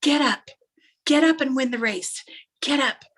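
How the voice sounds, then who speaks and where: Woman playing a father urging on his son, raised voice, commanding, slightly husky. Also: high-pitched, brisk, fairly bright tone, voice pushed up. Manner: urgent, commanding.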